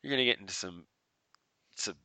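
Bright, clear-voiced man chatting on a podcast. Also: lowish voice, animated, a little fast, dry recording. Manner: rambling, laughing storyteller with many fillers. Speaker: podcast co-host. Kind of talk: casual podcast chat.

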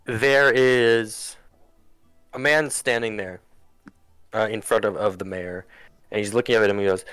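A man's voice: lowish voice, fairly even intonation, a little slow, long pauses, a bit bright, clean tone, dry recording, soft background music. A man narrating as game master of a tabletop game, rambling with hesitations. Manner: rambling, many fillers and restarts.

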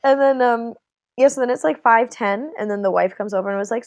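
A woman's voice: on the high side, fast, darkish tone, dry recording. Chatty young woman, dry sound. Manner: chatty storyteller who quotes people in voices. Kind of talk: casual chat.

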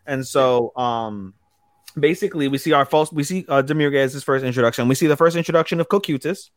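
A man co-hosting an anime podcast, casually recapping episodes in a profane, animated way and acting out the characters' lines. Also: medium pitch, a little fast, dry recording. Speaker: podcast co-host.

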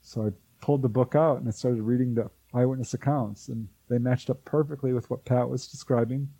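A man's voice: medium pitch, brisk, vocal fry, breathy edge, dry recording, low-quality recording. A man, an author and researcher, telling a long story in an interview and acting out the voices of the people in it. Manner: animated storyteller who acts out quoted voices. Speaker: author and UFO researcher, guest.

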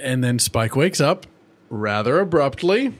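A man's voice: mid-range voice, sing-song. Profane, laughing man recapping cartoons. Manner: laughing, profane storytelling with quick voice impressions. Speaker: podcast co-host. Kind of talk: casual crude recap chat.

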